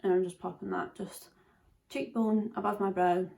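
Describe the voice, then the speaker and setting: A woman's voice: mid-range voice, flat delivery, moderate pace, vocal fry, warm tone. A nineteen-year-old Scottish woman chatting casually through a makeup tutorial, full of fillers and dropping into whispers at times. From Scotland. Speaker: beauty vlogger.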